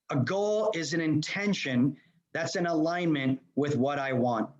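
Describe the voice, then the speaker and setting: A man from Los Angeles giving an energetic motivational seminar talk as a leadership coach, speaking directly to his audience. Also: on the high side, a little slow, muffled recording. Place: remote presentation to a live room. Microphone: video call.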